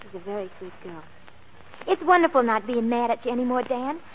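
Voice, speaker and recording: A woman playing a gentle, earnest young woman in a 1940s radio drama. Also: fairly high pitch, lively intonation, brisk, slight background noise, close to an everyday voice. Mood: tender. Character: warm-hearted young woman in love. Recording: tinny old radio broadcast.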